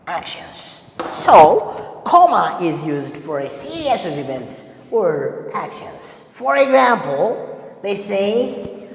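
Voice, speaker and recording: Slow, gravelly male teacher in an echoey hall. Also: sits high, sing-song, a little hiss or hum. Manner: quizzes students and repeats key points. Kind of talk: classroom English lesson. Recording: echoey hall with long reverb.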